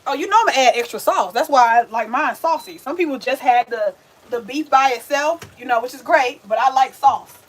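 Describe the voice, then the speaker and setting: High and expressive, fairly quick in pace, this young woman's voice carries casual chat on her vegan cooking livestream. She's sassy and chatty, speaking directly to the people watching.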